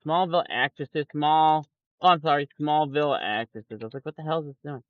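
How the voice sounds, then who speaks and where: The man's voice sits on the high side with a steady tone and a fairly quick pace as this stock market streamer rants profanely during his livestream. He swears frequently, mimics quoted people in mocking voices, and the dull lo-fi audio is dry with no room sound.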